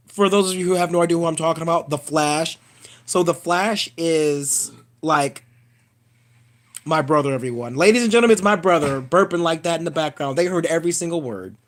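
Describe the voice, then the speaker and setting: A man ranting casually on a live stream, animated and profane, calling his viewers y'all. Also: on the high side. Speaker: vlogger.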